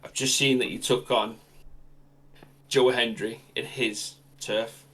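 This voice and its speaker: A man plays a brash male death-match wrestler calling out a champion. The voice sits in a plain middle register and moves at a deliberate, steady pace. It sounds improvised in the middle of a podcast story. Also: medium pitch. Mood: challenging. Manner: challenging, told off the cuff. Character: brash male hardcore wrestler issuing a challenge.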